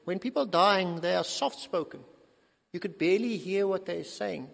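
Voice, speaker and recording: A middle-aged male pastor delivers a sermon in a fairly high voice with a gravelly edge. He acts out quotations with sudden swings from loud to soft. The sound carries the long reverb of a large church hall. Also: normal speed. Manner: animated, acting out quotes with big swings in loudness.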